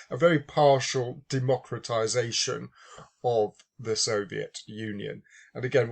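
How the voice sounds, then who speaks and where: A man's voice: mid-range voice, gravelly. A man giving a university lecture, thinking aloud with many fillers and restarts. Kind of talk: recorded lecture.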